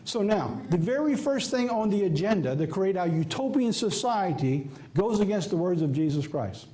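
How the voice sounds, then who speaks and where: A man's voice: high voice, sing-song, moderate pace, warm tone. A man with a Southern US accent preaching a sermon, emphatic and folksy, firing off rhetorical questions. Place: church office or studio.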